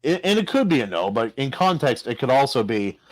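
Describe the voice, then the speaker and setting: A man co-hosting a casual podcast about a comic, excitable, often jumping up in pitch and restarting his sentences. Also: fairly quick, dry recording. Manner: excitable, jumps in with rising pitch, stumbles and restarts. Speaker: podcast co-host.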